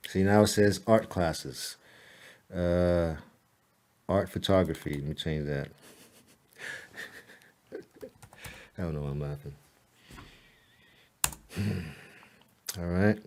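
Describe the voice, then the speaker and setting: Man with a slightly low voice, talking a client through site edits: loose, repetitive, good-humored. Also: a little hiss or hum. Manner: relaxed, chatty, repeats "all right" and "boom"; laughs at himself, mutters to the slow computer. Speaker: web designer walking a client through site editing. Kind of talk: casual screen-recorded tutorial.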